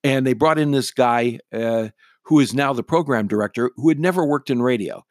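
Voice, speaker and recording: A man's voice: medium pitch, normal speed, a little mellow, no room sound, studio quality. A middle-aged man, a radio talk show host, telling a story casually in a blunt, wry and irreverent way.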